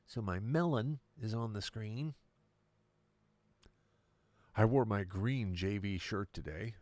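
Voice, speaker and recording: A male musician and producer chatting casually on a live stream from his recording studio, relaxed and explanatory. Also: fairly low pitch, slow pace, long pauses, no room sound.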